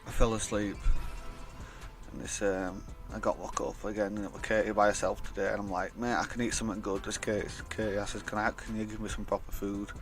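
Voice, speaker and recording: A man's voice: fairly low pitch, level tone, a little fast, soft background music. A young man telling a rambling, blunt, sweary story in a casual vlog. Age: young adult. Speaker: vlogger.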